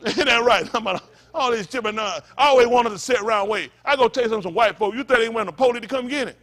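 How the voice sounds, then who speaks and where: A man's voice: very high voice, fairly quick, a bit bright. A male pastor preaching a fiery, blunt sermon, full of profanity and call-and-response asides.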